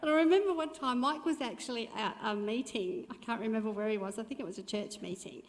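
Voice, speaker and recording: A woman's voice: fairly high pitch, fast talker. A middle-aged woman sharing a heartfelt, chatty testimony from a church stage. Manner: chatty, heartfelt storytelling with fillers. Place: church auditorium. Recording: long reverb of a church hall.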